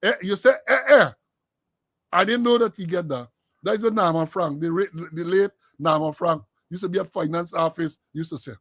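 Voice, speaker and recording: A man's voice: sits high, brisk, fairly bright tone, dry recording. An older man with a Caribbean English accent hosting an online talk show, joking and laughing as he tells a long story. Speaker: host. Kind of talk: casual commentary.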